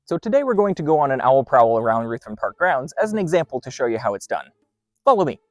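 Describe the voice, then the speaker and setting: A man's voice: mid-range voice, very animated, fast, dry recording. A man hosting an outdoor educational segment by wooded trails, upbeat and playful. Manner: upbeat and playful, doing owl calls. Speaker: park host.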